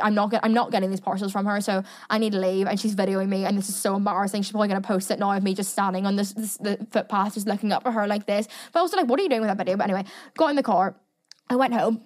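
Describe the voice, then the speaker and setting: A young woman in her twenties hosting a podcast, telling a story in a chatty, animated way, swearing freely and acting out what people said. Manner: chatty, animated, swears often, acts out quotes in a higher voice. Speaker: podcast host. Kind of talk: casual storytelling monologue.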